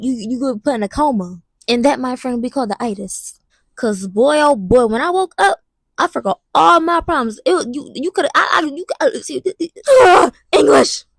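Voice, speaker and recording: A young woman vlogger telling a personal story in an animated way, often stuttering and restarting. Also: high voice, brisk, creaky, no room sound, studio quality. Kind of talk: storytime vlog.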